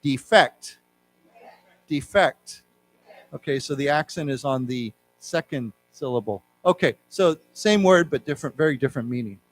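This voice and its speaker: A man's voice: medium pitch, brisk, few pauses. A man teaching an English class in a library, explaining word meanings and leading learners in repeating words aloud. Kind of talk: live English lesson for learners. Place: library lecture room.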